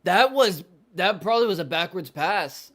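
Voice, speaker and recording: A man runs a live football reaction stream, his voice sitting high for a man. He flips between muttered play-by-play and exasperated, swearing outbursts. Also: expressive, moderate pace. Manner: exasperated, swears constantly, shouts in disbelief. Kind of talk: live game reaction commentary.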